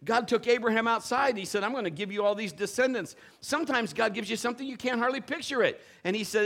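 Bright-voiced preaching man. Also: very high-pitched, fairly quick, gravelly, few pauses. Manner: animated storytelling, playful quoted voices. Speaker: pastor. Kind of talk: sermon with personal stories.

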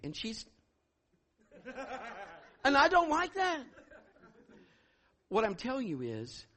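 A male pastor preaching a sermon, telling a story in an animated way and acting out what people said. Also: sits high. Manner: animated, laughing, acting out quotes.

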